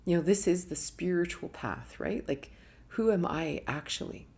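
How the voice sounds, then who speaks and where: A woman's voice: on the low side, expressive, moderate pace, creaky, darkish tone. A middle-aged woman hosting a live question and answer session, talking candidly and emotionally and acting out quoted thoughts, sometimes in a whisper. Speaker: host answering viewer questions. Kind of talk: live Q&A talk.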